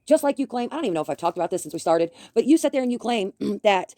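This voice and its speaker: A woman rants at someone, scolding and confrontational, with a slight lisp from a bitten tongue. Her voice is mellow and dark, and the recording is close and dry with no room sound. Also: mid-range voice, expressive, racing, no echo. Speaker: commentary YouTuber. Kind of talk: ranting commentary.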